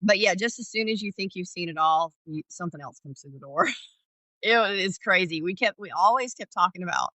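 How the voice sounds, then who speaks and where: In a podcast storytelling interview, a middle-aged Georgia woman and former ER paramedic shares candid stories, animatedly acting out what people said. She speaks a little fast with a lowish, sharp voice. The audio is dry and poor.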